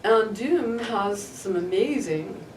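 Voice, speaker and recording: A woman's voice: mid-range voice, animated, slow, darkish tone. A woman co-hosting a metal podcast in a studio, chatty and opinionated, with playful teasing. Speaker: podcast co-host. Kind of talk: casual chat. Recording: roomy studio, distant mic, faint ambient noise.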